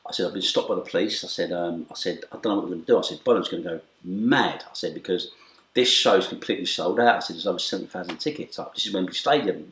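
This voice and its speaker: Deep-voiced man spinning a yarn. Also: fast talker. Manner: acts out quoted voices, swings from loud shouts to hushed asides; streetwise, swearing, repeated "right?". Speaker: interview guest. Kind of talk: animated storytelling. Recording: echoey room.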